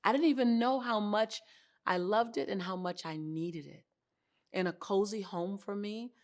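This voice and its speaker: A woman hosting a motivational talk to camera on an indoor set, speaking in an expressive, animated way and laughing often. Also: on the low side.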